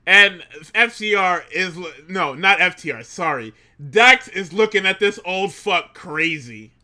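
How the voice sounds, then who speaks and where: Bright, excitable man cracking up. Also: sits high, unhurried. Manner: excitable, profane, laughs often. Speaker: podcast co-host. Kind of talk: casual wrestling podcast chat.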